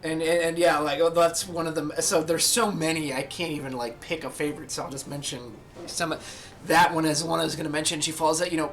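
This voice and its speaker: A podcast host with a slightly high, a bit bright voice talks fairly quickly and with fairly even intonation about a film he loves. He is casual and enthusiastic, often quoting its lines in little voices.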